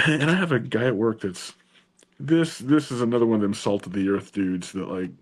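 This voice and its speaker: A man with a low, husky voice talks easily in a relaxed conversation. He sounds thoughtful and often starts his sentences over as he works out what he means. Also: normal speed. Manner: relaxed, thoughtful, with frequent restarts. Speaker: guest. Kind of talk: casual conversation.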